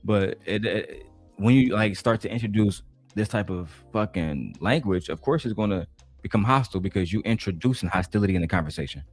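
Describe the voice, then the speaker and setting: A man's voice: on the low side, a little fast, soft background music. A man hosting a casual commentary, talking bluntly and swearing often. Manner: blunt, swears often, talks over clips. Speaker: commentary host.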